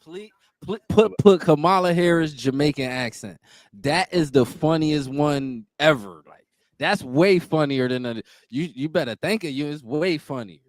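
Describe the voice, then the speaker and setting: A man co-hosting a video reaction show, trading loud, joking, slangy banter in casual chat. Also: fairly high pitch, measured pace, no echo.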